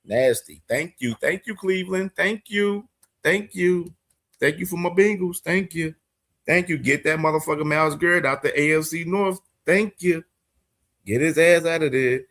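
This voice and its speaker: A man's voice: on the high side, normal speed, a bit bright. A young man hosting a casual boxing commentary stream, talking in loose slang, repeating himself and breaking into hard laughter. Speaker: boxing show host.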